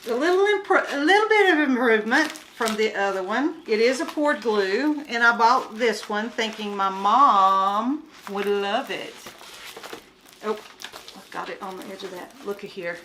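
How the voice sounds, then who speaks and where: A woman's voice: on the high side, expressive, measured pace, bright, forceful tone, slight background noise. A woman crafts vlogger chatting casually to her viewers while unboxing kits at home, talking straight to the camera and getting exasperated over problems. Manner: chatty, addresses viewers directly, grows exasperated.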